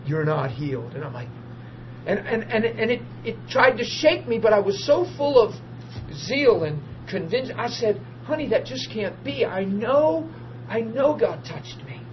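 Excitable man preaching, muffled and humming. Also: high voice, a little slow. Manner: excitable, bursts into laughter and shouts. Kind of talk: sermon testimony storytelling. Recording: muffled recording with steady hum.

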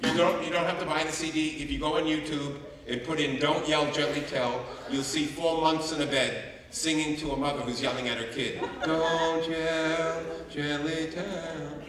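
A man giving a humorous storytelling talk as a youth care trainer, animated and jokey. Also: fairly high pitch, a little fast, few pauses, music in the background. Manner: animated, jokey, breaks into singing. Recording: echoey hall, mic from far off.

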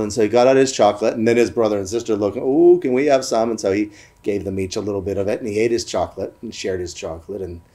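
For a family worship program, a man with a medium-pitched voice tells a family story in a warm, lively storytelling style.

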